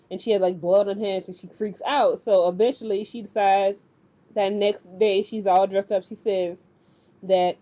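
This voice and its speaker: Chatty female recapper, slangy and loose. Mellow, slightly high voice on a dull lo-fi recording. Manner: rambling and colloquial, acting out characters' lines. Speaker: TV recap vlogger. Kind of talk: casual episode recap.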